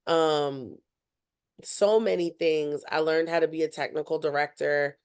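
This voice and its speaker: A young woman, a student journalist, telling her story as a podcast guest in an animated way and acting out what others said. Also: deep voice, a little slow, smooth. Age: young adult. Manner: animated, acts out other people's lines. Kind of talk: casual interview storytelling.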